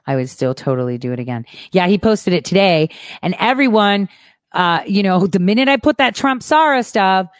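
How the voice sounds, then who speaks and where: A woman's voice: fairly low pitch, dry recording. Blunt, swearing woman ranting. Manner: frustrated and blunt, swears freely; swings between hushed mutters and loud boasting. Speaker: host. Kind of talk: ranting monologue.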